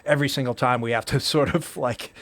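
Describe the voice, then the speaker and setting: A man's voice: mid-range voice, fairly even intonation, quick pace, fairly bright tone. A man hosting a casual interview who rambles a little and asks his guest questions. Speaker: podcast host.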